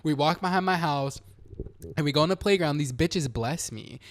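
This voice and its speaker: A young man hosting a podcast, telling a childhood story in casual chat, animated and swearing, acting out the people he quotes. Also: a little high, moderate pace, slight background noise. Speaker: podcast host.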